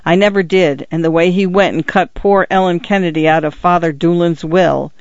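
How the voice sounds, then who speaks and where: A man's voice: on the high side, steady tone, moderate pace, no echo, natural voice. A man voicing a fussy, quarrelsome older woman who keeps house for a priest. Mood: grumbling. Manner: complaining, sharp-tongued. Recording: dull lo-fi recording.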